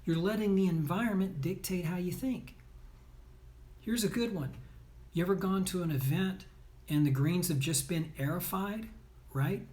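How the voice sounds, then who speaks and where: A man's voice: high-pitched, normal speed, darkish tone. A man coaching athletes and parents, speaking emphatically and bluntly, often checking in with "right?" and "okay?". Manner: blunt, scolding tone. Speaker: sports performance coach. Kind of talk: motivational talk.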